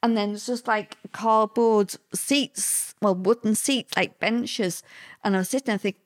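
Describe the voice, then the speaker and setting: A woman speaks in an interview, recounting past events in a plain-spoken, vivid way. Her voice sits at an ordinary middle pitch for a woman. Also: fairly even intonation, measured pace. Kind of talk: personal recollection in an interview.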